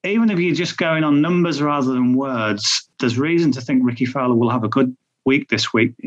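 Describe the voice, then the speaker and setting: A man's voice: mid-range voice, fairly quick, highs cut off. A man giving betting tips on a podcast, chatty and thinking aloud with restarts. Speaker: betting tipster. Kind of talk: podcast chat.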